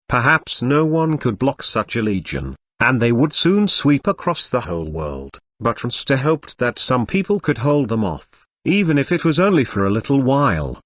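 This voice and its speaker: Synthetic male audiobook narrator, lively pitch, dry close sound, steady read. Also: moderate pace, dry recording.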